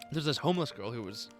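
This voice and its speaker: A young man chatting casually while gaming, rambling with lots of fillers and swearing. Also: medium pitch. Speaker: podcast co-host.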